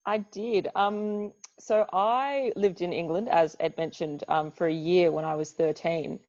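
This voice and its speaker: A woman in her twenties from Australia, an athlete telling her story in a casual interview, lively and acting out what others said. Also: on the low side, unhurried, dry recording. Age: 20s. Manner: lively storyteller, acts out quoted voices. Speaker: interviewee, Olympic modern pentathlete. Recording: dull lo-fi sound.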